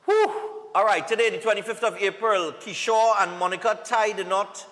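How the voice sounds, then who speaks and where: A Trinidadian man reads viewer greetings on a morning show in a high, bright voice. His casual, upbeat delivery is full of local slang. The studio has a long, ringing reverb. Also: lively intonation, normal speed. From Trinidad and Tobago. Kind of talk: live TV greetings segment.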